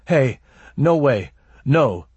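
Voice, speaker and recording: A man voicing Shed, a jittery, higher-pitched young hauler. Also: big pitch swings, very slow, darkish tone, husky, no room sound, heavily acted. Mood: panicked. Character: nervous young male body-hauler, fearful.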